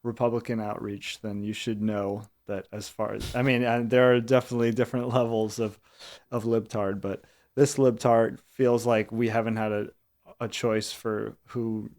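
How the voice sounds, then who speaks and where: A man co-hosting a podcast as its producer, chatting casually in a joking, halting way with many restarts. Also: lowish voice, little pitch movement, a little mellow. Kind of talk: casual chat.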